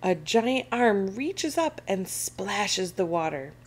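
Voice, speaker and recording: A woman reading a children's picture book aloud in an expressive, animated way. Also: mid-range voice, slow, breathy edge. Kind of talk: storybook read-aloud.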